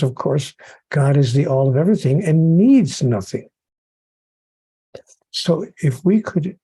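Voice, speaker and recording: A man's voice: on the high side, gravelly, warm tone, breathy edge, dry recording, poor audio. A man who is an author and podcast guest, speaking earnestly about spirituality and building his points through repetition.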